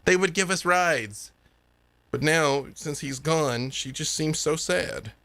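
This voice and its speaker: A man's voice: a little high, takes it slowly, a bit bright, no room sound. A man voicing a young elf girl who gushes wistfully. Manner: gushing, wistful.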